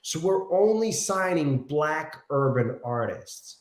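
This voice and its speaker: A man voicing a male American record label executive in a put-on American accent, speaking in a low, hushed, businesslike way. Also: expressive, slow, reverberant. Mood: smooth, evasive.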